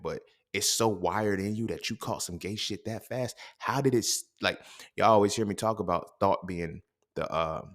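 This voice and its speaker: A man's voice: lowish voice, fairly bright tone. A man delivering a casual, profane monologue, blunt and streetwise, firing off rhetorical questions. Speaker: podcast host.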